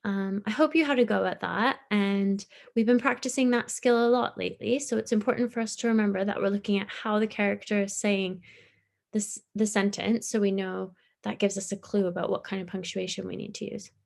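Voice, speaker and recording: Infant-school teacher, female, encouraging and patient, slight gravel in the voice. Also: medium pitch, steady tone, a little fast. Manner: gentle, encouraging, explains step by step. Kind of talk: recorded online lesson for young children.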